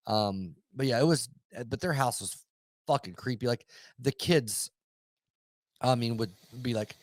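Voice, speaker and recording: A man of middle pitch tells a story on a casual podcast, cursing freely and getting animated. The recording is close and dry, with no room sound. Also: brisk, dry recording. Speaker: podcast co-host. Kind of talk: casual chat.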